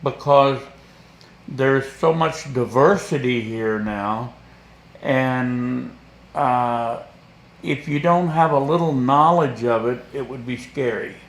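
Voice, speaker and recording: Guy from kentucky talking slow, stumbles and repeats himself, echoey room. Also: medium pitch. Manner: slow, halting, repeats words. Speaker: parishioner and guest. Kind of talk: casual interview answers.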